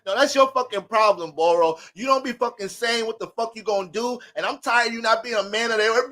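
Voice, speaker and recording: A man's voice: very high voice, fast, hardly any pauses, sharp tone. A man talking as an astrologer in a casual, profane and joking monologue.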